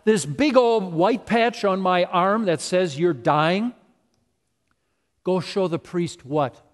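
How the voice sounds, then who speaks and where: A man's voice: sits high, takes it slowly. A man voicing a desperate, diseased leper man who asks bitter, incredulous questions. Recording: long reverb of a large hall.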